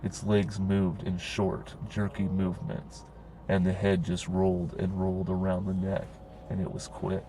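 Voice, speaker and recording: A man narrating a horror story in a grim, steady storytelling manner. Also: low-pitched, unhurried, a little hiss or hum, rough recording.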